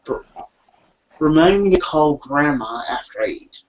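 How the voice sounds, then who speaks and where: A man's voice: a little high, lively intonation, unhurried, slight background noise. A man chatting casually, stumbling and repeating himself as he talks about a show. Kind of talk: casual chat. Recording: dull lo-fi mic.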